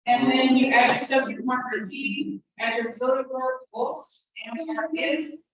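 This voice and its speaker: Casting note: woman language teacher, a bit high, patient, encouraging step-by-step explanations, recorded from far back in a very echoey, muffled classroom. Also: slight background noise. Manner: talks fast when excited. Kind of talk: classroom instruction. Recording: echoey room, distant mic, muffled.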